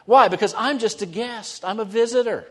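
A middle-aged male pastor preaching a conversational, animated sermon in a church, swinging between lively emphasis and soft, prayerful asides. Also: high-pitched, moderate pace, long reverb tail. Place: church sanctuary.

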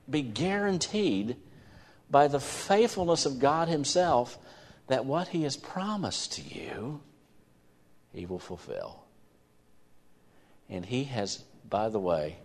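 Male pastor, lowish voice, earnest sermon delivery with restarts, church setting. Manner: earnest, repeats words when starting phrases.

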